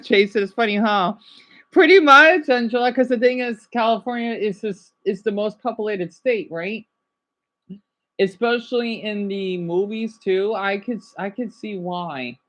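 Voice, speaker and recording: A woman with an American accent, streaming and reacting to videos in a rambling, excitable chat with her viewers. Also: mid-range voice.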